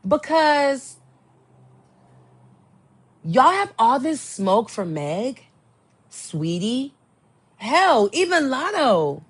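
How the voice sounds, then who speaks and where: A young woman hosting a casual chat show, gossiping with lively swoops of pitch and sudden high exclamations. She takes her time, drawing out her words at an unhurried pace. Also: husky. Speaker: podcast host.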